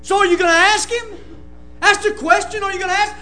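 Impassioned preacher, high bright voice. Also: male voice, steady tone, brisk, roomy sound, soft background music. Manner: impassioned, often shouting. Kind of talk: sermon.

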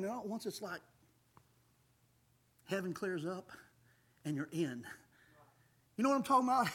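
A man preaching a sermon, emphatic, swelling loud on key phrases and calling his listeners folks. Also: sits high, breathy edge. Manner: calls audience folks, says amen often.

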